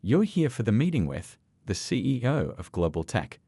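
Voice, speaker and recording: A man doing a flustered, hesitant female receptionist in a storybook reading, a touch higher than his narration. Lively pitch, dry close sound. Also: normal speed, breathy edge, no echo.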